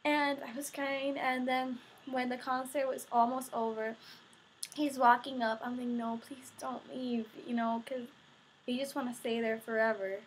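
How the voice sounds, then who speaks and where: A teenage girl vlogging, telling an excited story to camera in a gushing, breathless way full of "like" and quoted reactions. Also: high voice, moderate pace, slight background noise.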